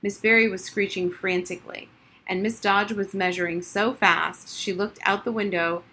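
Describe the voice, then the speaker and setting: A woman reading a children's novel aloud in a lively, expressive narration. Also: medium pitch, normal speed. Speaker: audiobook reader. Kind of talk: storybook narration.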